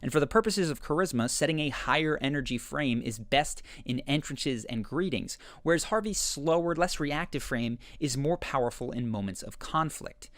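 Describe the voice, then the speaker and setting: A man narrating a scripted video essay in a measured, explanatory way. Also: on the high side, animated, a bit bright, dry recording. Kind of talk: scripted narration analyzing show clips.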